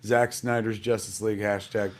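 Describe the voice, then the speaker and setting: A man's voice: on the low side, level tone, moderate pace. A middle-aged man hosting a live stream from home in a rambling, jokey casual way, calling everyone "man" and "kids".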